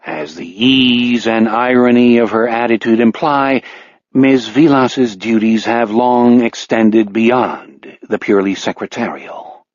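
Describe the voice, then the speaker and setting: A man narrating an audiobook in a wry, measured storytelling manner. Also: medium pitch, no echo. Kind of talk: scripted narration. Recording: dry, slightly dull audiobook recording.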